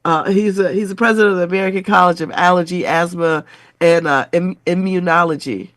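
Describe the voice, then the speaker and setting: A woman's voice: on the low side, steady tone, fairly quick, a bit bright, no echo. A middle-aged woman hosting a radio talk show with a stuffy, congested voice, chuckling between remarks as she reads an article aloud.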